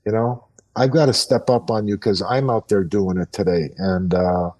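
A middle-aged man with a very low voice reflects earnestly on his playing days. He pauses often on "uh" and "you know" as he gathers his thoughts. He sits some distance back from the microphone. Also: fairly even intonation, darkish tone. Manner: earnest, reflective, many fillers and restarts. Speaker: guest, retired pro hockey player. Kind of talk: casual podcast interview.

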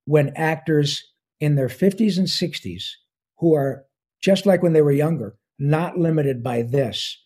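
A man in his sixties chats as a guest, talking with eager enthusiasm and wandering off into asides. His voice sits a bit high for a man but sounds mellow and warm, with a husky edge to it. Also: measured pace. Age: 60s. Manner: enthusiastic, rambling with fillers. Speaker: guest voice actor. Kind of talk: casual interview talk.

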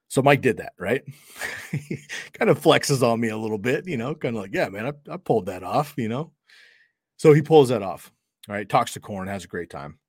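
A man's voice: fairly low pitch, breathy edge, no echo, studio quality. A middle-aged man hosting a podcast, telling a story in a casual, conversational way and acting out the quoted dialogue. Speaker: podcast host.

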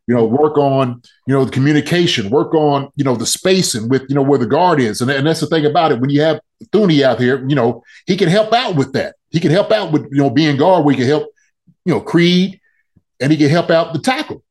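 A man's voice: on the high side, brisk, darkish tone. A man chatting casually on a sports podcast, loose and joking, repeating phrases for emphasis.

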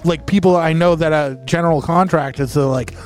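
A man's voice: a little high, a little fast, faint music behind. A young man co-hosting a podcast, talking in a profane, laid-back casual chat. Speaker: podcast co-host.

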